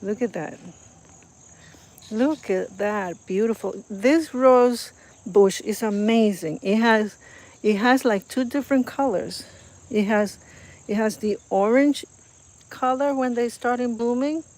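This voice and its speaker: Filming her garden on a phone outdoors, a woman with a fairly high, darkish voice chats slowly and casually for a vlog. She rambles with fillers and gushes admiringly over the flowers while crickets and insects sound around her.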